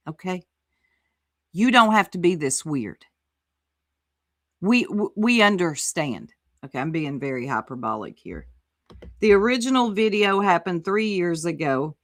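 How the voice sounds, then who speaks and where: Woman livestream host, sassy and exclamatory, unhurried commentary, reacts to chat. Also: fairly low pitch, lively intonation.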